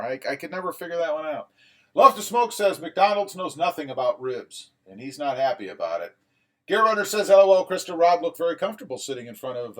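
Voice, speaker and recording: A middle-aged man hosts a relaxed live chat, reading comments aloud and joking back at his viewers. His voice sits a little high for a man, and it comes through the thin pickup of a laptop microphone. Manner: rambling and joking, reads chat aloud and answers. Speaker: livestream host.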